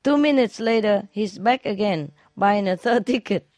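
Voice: medium pitch, moderate pace, darkish tone, no room sound. A joke teller who laughs at their own jokes and uses non-standard grammar. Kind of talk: telling a string of jokes.

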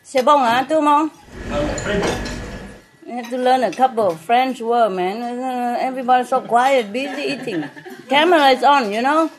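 In a loud dining room with dishes clinking, a woman who owns the restaurant makes casual conversation with guests at her table. Her voice sits high and moves at a normal speed as she jokes, laughs frequently, and slips French into her non-native English.

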